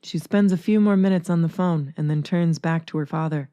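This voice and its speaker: A woman narrating a chapter of a story in a steady, measured way. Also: sits low, smooth, no echo, clean studio sound. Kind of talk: storybook reading.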